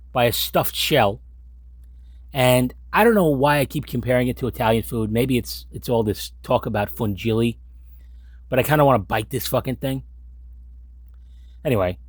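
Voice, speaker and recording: A man's voice: mid-range voice, breathy edge, no room sound, studio quality. A man giving casual, sarcastic episode commentary, swearing often and sounding incredulous. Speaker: commentary host.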